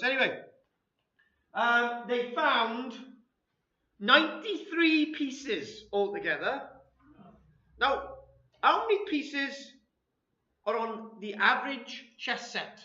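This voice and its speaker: A high, bright-voiced man lectures in a chatty, self-deprecating way, drifting into anecdotes between points. The sound is roomy and a little dull, like a lo-fi recording of a talk in an echoing room. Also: expressive, takes it slowly, pauses often. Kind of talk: informal lecture with audience chat.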